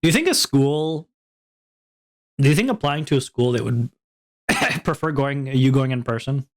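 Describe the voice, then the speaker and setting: A man's voice: mid-range voice, animated, moderate pace. Young male streamer, mid-range voice, loose rambling chat, laughs and swears, talks to viewers. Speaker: VTuber streamer. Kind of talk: casual livestream chat.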